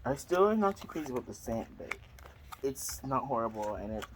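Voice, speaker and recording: A man at home talking to his viewers in a chatty storytime manner, tossing in dramatic exclamations and plenty of fillers. His pitch sits in an ordinary middle range. A faint background hiss runs under the recording. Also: sing-song, brisk. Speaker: vlogger. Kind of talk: casual storytime and product unboxing.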